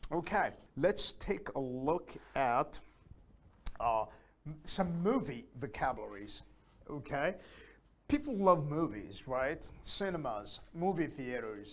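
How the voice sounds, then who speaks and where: A man teaching a beginners' English lesson, speaking slowly and deliberately, repeating key phrases with many pauses and fillers. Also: mid-range voice. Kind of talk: live online English lesson.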